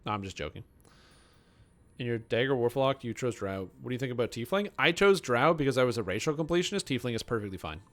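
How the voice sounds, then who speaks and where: A young man chats loosely while streaming a game. He answers his viewers with rambling asides and self-mocking jokes. His voice sits at an everyday middle pitch. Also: expressive, quick pace, fairly bright tone. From Canada. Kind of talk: casual live-stream chat, answering chat.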